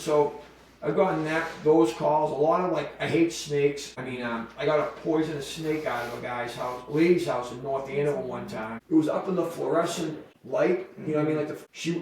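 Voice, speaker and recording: Brief: middle-aged guy, a bit high, spins profane yarns, recorded from a distance in an echoey room. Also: brisk. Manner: rambling, profane, animated in quoted voices. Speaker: podcast guest, wildlife removal business owner. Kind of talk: casual storytelling.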